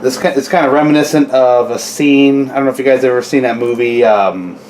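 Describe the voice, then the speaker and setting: A man's voice: mid-range voice, a little fast, a little mellow, slight background noise. Casual chatty man in a kitchen vlog. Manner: chatty, rambling asides. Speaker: gun owner vlogger.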